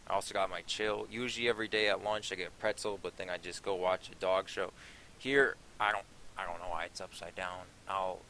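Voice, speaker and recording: A man's voice: fairly low pitch, bright, forceful tone, slight background noise. A young man narrating his own vlog in a rambling, offhand way, swearing freely. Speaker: vlogger.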